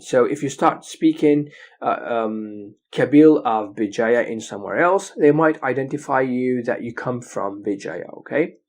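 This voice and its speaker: A man's voice: mid-range voice, darkish tone. Male teacher lecturing, patient, frequent "okay?" checks. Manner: explains slowly, often checking with "okay?". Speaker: English teacher. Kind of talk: recorded lecture.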